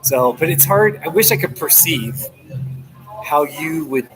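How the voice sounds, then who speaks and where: An American man with a slightly high voice rambles cheerfully into a laptop mic, talking loosely and breaking into easy laughs. He is sitting in a coffee shop, and music plays clearly in the background. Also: animated, a little slow, poor audio. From New Jersey / New York area. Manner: rambling, chatty, frequent laughs. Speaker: vlogger. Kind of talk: casual live-stream chat. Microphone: laptop held up.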